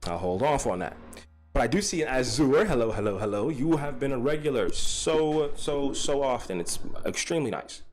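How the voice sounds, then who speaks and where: A man's voice: medium pitch, animated, normal speed, faint music behind. A man hosting a casual livestream, rambling and swearing freely while greeting chatters by name. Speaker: livestream host.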